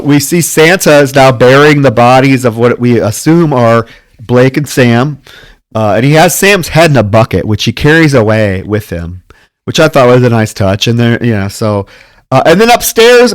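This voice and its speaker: A man's voice: medium pitch, dry recording. A man co-hosting a podcast, casually recapping a horror film and acting out the characters' lines. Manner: animated retelling, acts out the characters' lines. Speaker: podcast co-host. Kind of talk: casual film-review chat.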